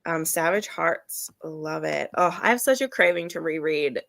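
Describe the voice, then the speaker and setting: A woman's voice: sits low, animated, moderate pace, creaky, fairly bright tone, no echo. A woman hosting a live reading stream, chatting casually and laughing often as she gushes about books. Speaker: readathon host.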